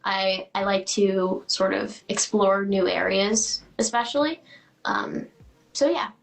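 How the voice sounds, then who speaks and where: A woman's voice: mid-range voice, slow pace, gravelly, poor audio. A teenage girl, a guest actress, answering interview questions chattily with lots of fillers and giggles.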